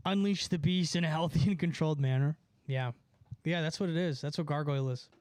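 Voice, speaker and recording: A young man rambling excitedly to his chat during a casual livestream, profane and full of filler words. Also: on the high side, a little fast, no echo. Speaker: musician streaming to chat.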